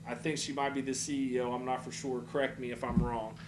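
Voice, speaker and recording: A man's voice: medium pitch, flat delivery, fast talker, background noise. A man reading online comments aloud and answering them in a blunt, sarcastic way, swearing freely. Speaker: political commentary vlogger.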